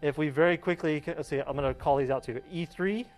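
A man's voice: a little high, quick pace, darkish tone, low-quality recording. A male professor giving a casual, hands-on classroom demonstration and checking in with his students with a frequent "okay?". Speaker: college professor.

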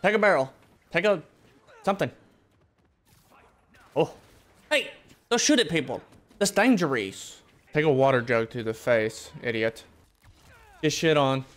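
A man's voice: fairly high pitch, lively intonation, measured pace, long pauses, a bit bright. Young man, gameplay commentary, brash, joking, profane, talks back at the screen. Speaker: gaming video host.

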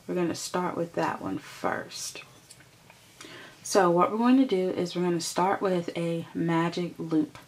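A woman's voice: lowish voice, fairly even intonation, a little slow. A woman hosting a crochet tutorial, patiently explaining each step and counting stitches aloud as she works.

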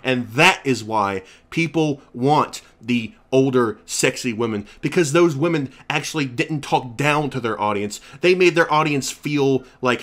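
A man's voice: medium pitch, moderate pace, few pauses, a bit bright. A man delivering a heated, profane, sarcastic rant, repeating himself and restarting lines as he gets worked up. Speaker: YouTube commentator. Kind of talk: angry rant to camera.

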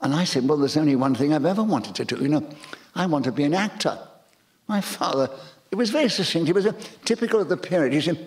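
A man's voice: on the high side, lively intonation, fast, darkish tone. An older English man, a guest in a stage conversation, telling anecdotes animatedly and acting out the voices of people in them. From England. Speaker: interviewed guest.

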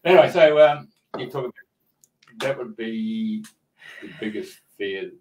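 A man with an Australian accent, a radio host telling a dream story in casual chat, animated and laughing as he talks. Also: lowish voice, measured pace, far from the mic, slight background noise, rough recording.

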